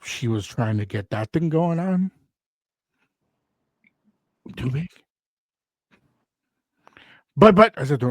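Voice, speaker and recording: A man telling a personal story in casual chat, animated and acting out what people said. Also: on the high side, slow, long pauses, no echo. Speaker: radio show host.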